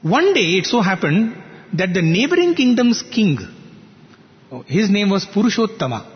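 A male spiritual teacher tells a parable in an animated way and poses rhetorical questions. His voice sits high. The recording is dull and echoes in a hall. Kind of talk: storytelling lesson.

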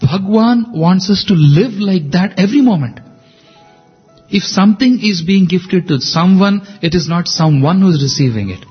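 A man, telling an animated, personal story in conversation. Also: high voice, moderate pace, breathy edge, dull audio, soft background music. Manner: animated, repeats himself. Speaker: guest speaker.

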